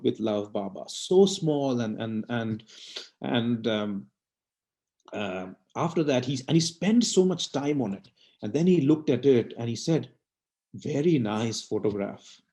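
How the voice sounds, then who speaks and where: A middle-aged man from India recounts a childhood memory at a satsang. His voice sits at an ordinary middle pitch, and he speaks earnestly, pausing often with fillers as he goes. The telling is heartfelt and unpolished. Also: mellow. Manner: earnest, halting, many fillers. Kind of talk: personal devotional storytelling.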